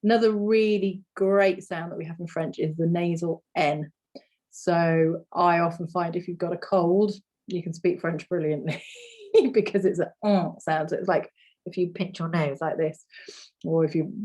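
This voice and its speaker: A woman's voice: on the low side, darkish tone. A woman teaching a phonics lesson, explaining patiently and modelling sounds for learners to repeat. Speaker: language teacher.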